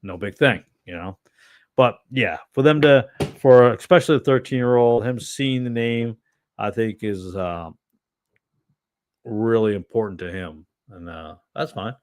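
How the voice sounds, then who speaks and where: A tired middle-aged pastor chatting casually on a livestream, rambling with many fillers and restarts. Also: male voice, medium pitch, measured pace, a little mellow, no room sound, studio quality.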